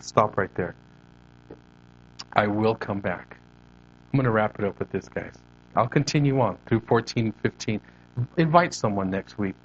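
Animated preaching man, slightly muffled. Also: fairly low pitch, moderate pace, pauses often. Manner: animated preaching with hand gestures. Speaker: pastor. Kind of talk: sermon.

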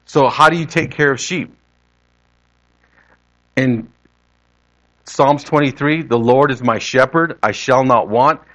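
A man's voice: mid-range voice, slow, pauses often, a bit bright, poor audio. Man preaching a conversational sermon. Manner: conversational, rephrasing as he goes.

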